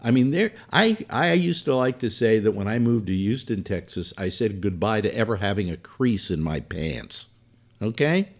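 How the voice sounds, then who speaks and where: Animated older man spinning radio stories. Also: on the low side, normal speed. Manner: rambling with frequent fillers and restarts, colorful asides. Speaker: former radio host reminiscing. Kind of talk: casual storytelling monologue.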